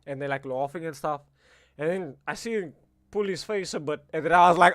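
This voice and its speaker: Animated young South African man, high voice. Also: a little fast, vocal fry, no echo, clean studio sound. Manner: animated, laughing storyteller. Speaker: streamer. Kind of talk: casual storytelling chat.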